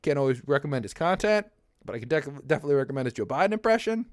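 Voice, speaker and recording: A man's voice: fairly high pitch, very animated, rapid-fire, no room sound. A young man hosting his own livestream, chatting casually and rambling from topic to topic. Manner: rambling, chatty, laughs easily. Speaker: livestream host. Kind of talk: casual chat.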